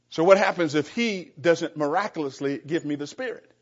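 A man with a husky, slightly rough voice preaches to a small class and speaks straight to the people in front of him. He is sarcastic and chuckles often. The recording is muffled and lo-fi. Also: on the high side, normal speed. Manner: sarcastic, chuckling, addresses the room directly. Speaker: preacher teaching a Bible class. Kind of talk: informal classroom sermon.

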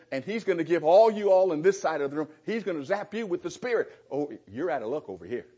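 Husky-voiced man preaching to a class. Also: fairly high pitch, darkish tone, muffled recording. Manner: sarcastic, chuckling, addresses the room directly. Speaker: preacher teaching a Bible class. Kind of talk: informal classroom sermon.

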